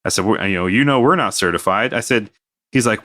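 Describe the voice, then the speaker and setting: A man's voice: mid-range voice, big pitch swings, fast talker, fairly bright tone. A man telling a work story in casual podcast chat, acting out the people he quotes with big jumps in his voice. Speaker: podcast co-host, aviation maintenance worker.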